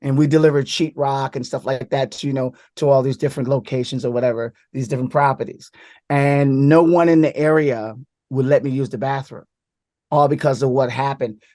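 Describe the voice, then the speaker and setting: A man's voice: medium pitch, fairly even intonation, a little fast, warm tone, no room sound, clean studio sound. A man, a guest comedian, telling stories in casual chat and laughing along as he goes. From New York area.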